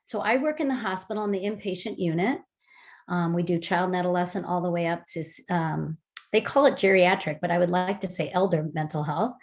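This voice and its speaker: A woman leading an online mindful movement and breathing class, guiding gently and slowly with soft breathy cues, over a video call. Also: lowish voice. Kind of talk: guided movement and breathing lesson.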